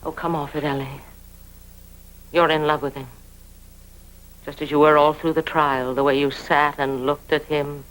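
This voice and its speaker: A woman's voice: low-pitched, flat delivery, normal speed, pauses often, fairly bright tone, poor audio. A middle-aged actress playing a skeptical, protective woman who speaks dryly and sardonically. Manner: dry, sardonic.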